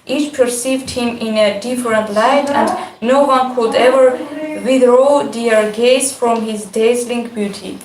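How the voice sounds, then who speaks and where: A woman reading a translated scripture verse aloud in a steady, deliberate way. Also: fairly high pitch, a crowd in the background. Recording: echoey room, distant mic.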